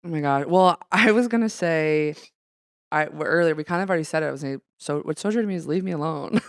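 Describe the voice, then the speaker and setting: A woman comedian guesting on a casual podcast, telling stories with lively, bouncy delivery and voiced asides. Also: sits low, fast talker, no echo, clean studio sound.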